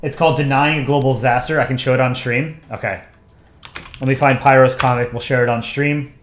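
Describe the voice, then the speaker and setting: A man hosting a casual drawing livestream, chatty and relaxed, thinking aloud as he works. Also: medium pitch, a little fast, roomy sound, a little hiss or hum. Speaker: streamer and comic artist.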